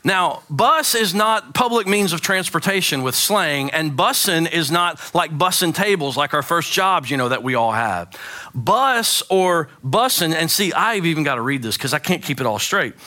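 A man in his forties, a pastor giving a sermon with animated, joking storytelling. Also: a little high, normal speed. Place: church sanctuary.

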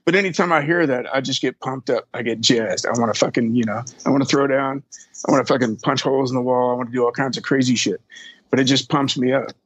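A man's voice: mid-range voice, steady tone, quick pace, husky, no room sound, lo-fi sound. A man being interviewed, telling long, profane stories in a casual, rambling way full of fillers. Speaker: interview guest. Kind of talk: casual storytelling.

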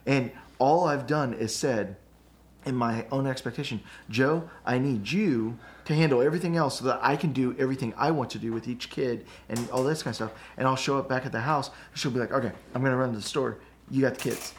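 Man, mid pitch, gravelly, casual pastor chat, candid self-deprecating storyteller. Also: fairly quick, a little hiss or hum. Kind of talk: casual conversation.

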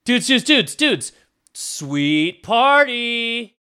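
A man voicing a squeaky surfer-dude fairy girl. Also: sing-song, extremely slow, sharp tone, smooth, heavily acted. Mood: excited. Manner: surfer-dude slang, high and drawn out. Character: excitable party-loving female fairy, surfer talk.

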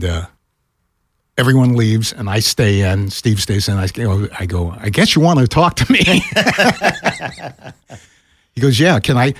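An older man, once a broadcaster and now retired, tells a story in a casual podcast chat, his voice slightly rough and the studio-quality recording free of room sound. He's animated, acting out the other people's voices with jumps in pitch.

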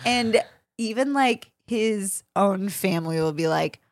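A woman's voice: medium pitch, measured pace, dry recording, studio quality. A woman co-hosting a casual podcast chat, telling stories with a teasing, giggly manner. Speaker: podcast co-host.

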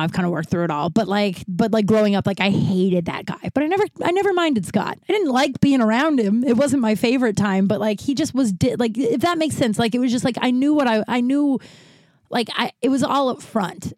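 A woman telling a personal story casually, rambling with many fillers and correcting herself, laughing wryly at dark memories. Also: medium pitch, no echo. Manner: rambling, heavy use of "like", self-correcting.

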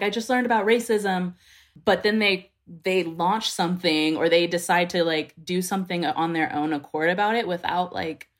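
A young woman talking thoughtfully on a podcast, searching for words with many fillers and restarts. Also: low-pitched. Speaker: podcast guest. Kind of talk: casual podcast conversation.

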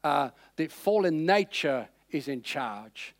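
A man preaching a sermon in a conversational, animated way, with frequent fillers. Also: fairly high pitch, slow, no echo, clean studio sound.

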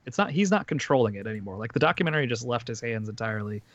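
A man's voice: medium pitch, dry recording. Guy rambling thru a story on a podcast, lots of uhs and likes, kinda muffled dry mic. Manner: rambling, filler-heavy storytelling with frequent restarts. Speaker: podcast host recapping a documentary. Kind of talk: casual chat.

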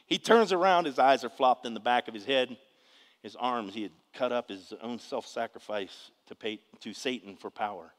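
A man, preaching a testimony in an animated storytelling way with bursts of shouting. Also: medium pitch, normal speed, long reverb tail. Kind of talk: testimony sermon.

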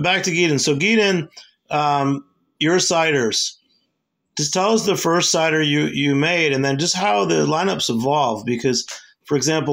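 A man's voice: mid-range voice, creaky, fairly bright tone. A man hosting an interview show, asking upbeat, rambling questions with frequent stumbles. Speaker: host. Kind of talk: casual interview talk.

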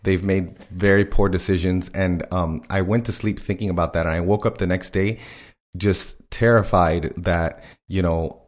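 A man co-hosting a podcast, talking earnestly, quick to laugh and acting out his own inner voice. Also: deep voice, steady tone. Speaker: podcast co-host. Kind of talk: casual chat.

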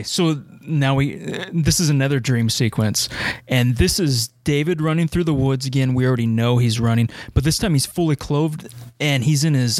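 A man's voice: medium pitch, no room sound. An American man co-hosting a casual movie podcast, easygoing, with lots of ums and laughs. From United States. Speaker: podcast co-host.

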